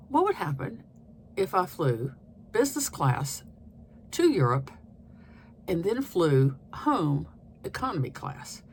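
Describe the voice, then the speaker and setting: Brief: older American woman vlogger, low voice with lively swings, conversational and confiding, faint room hiss. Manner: chatty and animated, dropping to a near whisper for asides. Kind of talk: casual travel tips to camera.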